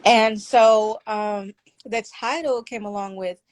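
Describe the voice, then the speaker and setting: Soft-spoken woman author, hesitant. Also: mid-range voice, fairly even intonation, takes it slowly. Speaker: author and therapist. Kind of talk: casual interview. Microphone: video call.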